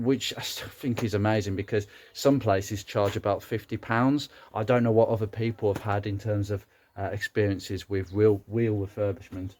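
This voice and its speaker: A car restoration YouTuber from England's West Midlands chats in a Brummie accent while working on a car for his channel. His medium-pitched, slightly mellow voice rambles along with lots of fillers and restarts, over slight background noise.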